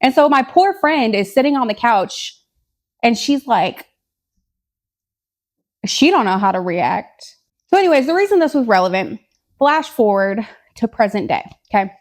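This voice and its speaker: A woman in her twenties co-hosting a podcast, chatting through personal stories. She is blunt and candid, with dark jokes and frequent asides. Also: on the high side, very animated, normal speed, long pauses. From Tennessee, USA. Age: 20s. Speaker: podcast co-host. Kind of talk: casual storytelling chat.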